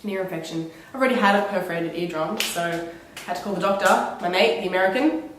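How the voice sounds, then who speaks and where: A woman's voice: on the low side, quick pace. A young woman with a cold vlogs from home, coughing now and then and rambling in a sarcastic, dramatic way. She sits well back from the camera, and her voice rings around a very echoey room. A faint noise sits under the recording. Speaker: vlogger. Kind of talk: casual vlog monologue. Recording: very echoey room, mic far off.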